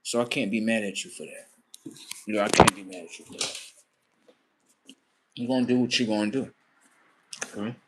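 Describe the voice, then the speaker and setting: A man hosting a livestream, telling a comic story in a profane, animated way and acting out the scenes. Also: fairly low pitch, normal speed, long pauses, very noisy. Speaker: livestream host. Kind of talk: comedic storytelling monologue.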